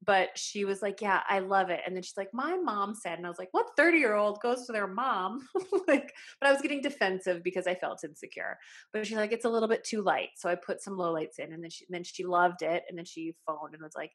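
A woman's voice: lowish voice, fairly quick, a bit bright. A woman in her late thirties, a hairstylist and salon owner, telling stories in a chatty, casual way full of "like"s. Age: 30s. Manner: chatty storytelling, many "like"s. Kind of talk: casual podcast chat.

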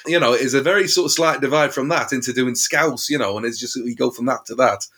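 British male co-host, mid-pitch, rambling, hesitant chat. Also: quick pace, bright, forceful tone, breathy edge. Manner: rambling, hesitant, many restarts. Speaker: podcast co-host and author. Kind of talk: casual conversation.

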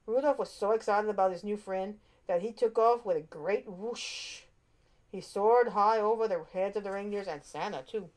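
Brief: woman reading a kids' storybook, expressive, a few stumbles. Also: mid-range voice, moderate pace. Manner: expressive, with small slips and restarts. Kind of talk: children's storybook read-aloud.

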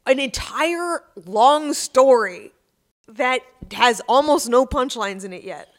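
A woman's voice: high-pitched, expressive, slow pace. Blunt, exasperated woman co-host. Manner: blunt, exasperated, swears freely. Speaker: podcast co-host. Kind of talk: profane comedic banter.

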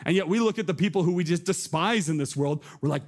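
A man's voice: sits high, fast talker, few pauses. Earnest male pastor preaching. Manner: earnest preaching, rising to animated emphasis. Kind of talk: sermon. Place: church stage.

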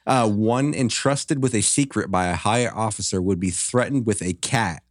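A man talks loosely with friends, pausing on "uh" as he reads out bits of trivia and drops in the odd swear word. His voice sits a little low, and the recording is dry with no room sound. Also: no room sound. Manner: laid-back, swears, reads trivia aloud with frequent "uh" fillers. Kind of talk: casual chat.

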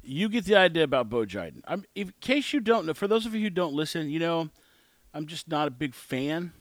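A man's voice: on the high side, very animated, brisk, no echo. A man hosting his own show, rambling through an opinionated casual monologue. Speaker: podcast host.

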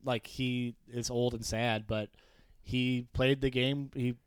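A man in casual conversation on a book podcast, lively and eager. He keeps breaking into quoted lines in little put-on voices. His voice is mid-pitched and close, with no room sound around it. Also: slow, clean tone, no room sound. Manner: animated, reads passages aloud and acts out quotes. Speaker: podcast co-host.

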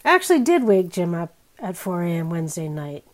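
A woman in her fifties preaching a sermon in a candid, wry, conversational way, her pitch and loudness swinging widely. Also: very animated, moderate pace.

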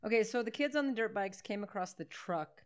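A woman's voice: mid-range voice, lively intonation, a little fast. Sarcastic woman riffing on a movie. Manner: sarcastic, swears, laughs often. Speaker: podcast co-host. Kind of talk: casual movie-riffing chat.

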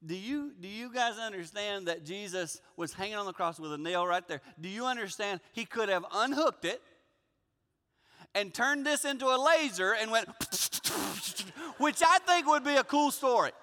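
A man giving a guest sermon, telling a funny personal story in an animated, jokey way in a church auditorium. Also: high voice, moderate pace, big-room sound. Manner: animated, jokey, acting out dialogue. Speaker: guest pastor.

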